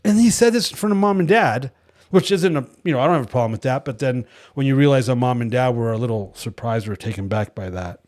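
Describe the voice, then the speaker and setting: A man's voice: medium pitch, animated, fast, a little mellow. A man from California leading a devotional Bible study in a casual teaching style, telling stories animatedly, acting out quoted voices and adding wry, joking asides.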